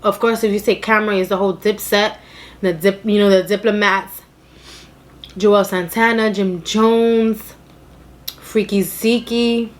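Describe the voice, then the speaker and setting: A young woman from New York with a New York accent, hosting an eating show and chatting casually, loud and expressive, laughing often. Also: mid-range voice, unhurried, long pauses. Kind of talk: casual chat while eating.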